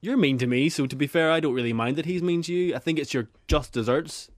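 A man's voice: a little high, fast, no echo. Wry man teasing, dry sound.

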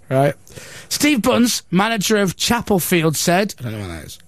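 Male breakfast DJ, sarcastic banter, high voice, dry close studio sound. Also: very animated, moderate pace, no echo. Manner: sarcastic, mocking, self-deprecating. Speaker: radio breakfast show host. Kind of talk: casual on-air banter, reading a newspaper aloud. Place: radio studio. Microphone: studio microphone.

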